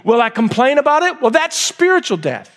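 Male pastor, high voice, emphatic sermon delivery with repeated points. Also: big pitch swings, a little fast. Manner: emphatic, repeats key lines, swings from raised to hushed.

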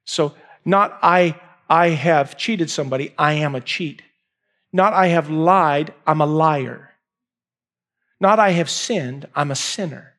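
High-voiced male pastor preaching. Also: takes it slowly. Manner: emphatic, repeats key lines, swings from raised to hushed. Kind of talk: sermon.

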